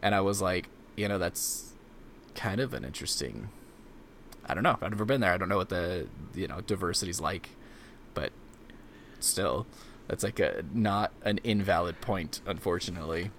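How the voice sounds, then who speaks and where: A young man with a very low voice tells anecdotes in a relaxed, casual podcast chat. A faint hiss sits under the recording. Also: normal speed. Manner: relaxed storyteller, retells anecdotes with brief quoted voices. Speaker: podcast co-host.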